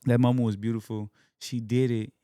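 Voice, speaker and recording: A man's voice: medium pitch, flat delivery, brisk, warm tone, no room sound, studio quality. A young man from Alabama, talking as a podcast guest in an earnest, emotional way about his faith and family. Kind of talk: casual heartfelt conversation.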